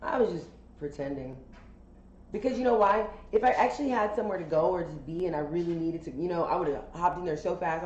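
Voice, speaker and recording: A woman with a low voice spins a casual storytime for a podcast. She talks in a chatty, candid way, full of fillers and swearing. The sound is roomy and a bit dull, with faint hiss behind her. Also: brisk, a little mellow. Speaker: podcast host telling a story.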